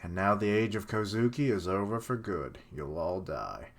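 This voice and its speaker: A man's voice: lowish voice, expressive, normal speed. A man reading as a menacing warlord villain.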